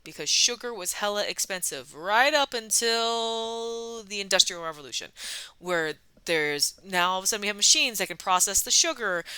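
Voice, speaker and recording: Bright, crisp-voiced woman vlogger. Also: mid-range voice, no room sound. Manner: wry asides, many ums and uhs. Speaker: soda review vlogger. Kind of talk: casual history chat.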